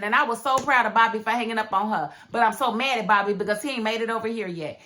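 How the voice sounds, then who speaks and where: A woman reviewing a TV drama episode in a casual, animated way, acting out the characters' lines. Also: on the high side, fast talker, few pauses, a little hiss or hum. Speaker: TV show reviewer. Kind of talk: casual recap commentary.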